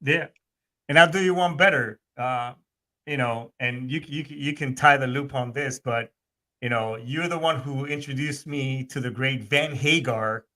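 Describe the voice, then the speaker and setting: A man's voice: medium pitch, a little slow, bright, forceful tone. A man in casual podcast chat, rambling with frequent restarts and blunt profanity.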